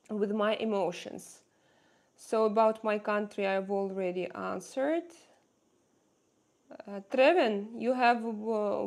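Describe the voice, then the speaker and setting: A middle-aged woman from Russia with a Russian accent, chatting casually to viewers in a halting way with many fillers and restarts. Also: on the high side. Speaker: channel host answering viewer questions. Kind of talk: casual livestream chat.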